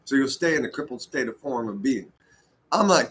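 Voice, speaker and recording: Give me a man venting to his viewers, profane and rambling, with an average-pitched voice. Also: lively intonation, fairly quick, fairly bright tone, rough recording. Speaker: vlogger. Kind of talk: casual rant to camera.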